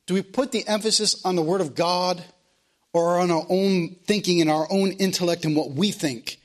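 A man's voice: high-pitched, brisk. A man preaching a sermon as pastor of a church, in plain country speech, asking the room question after question.

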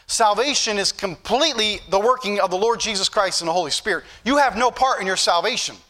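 Bright-voiced folksy preacher. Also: male voice, high voice, brisk. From northern United States. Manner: folksy, joking asides, building to emphatic preaching. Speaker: pastor. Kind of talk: sermon.

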